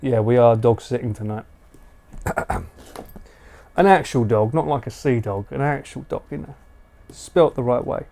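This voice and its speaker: A man streaming live from home late at night, chatting casually and slipping into high sing-song baby talk for a dog. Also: unhurried, gravelly, pauses often, mellow.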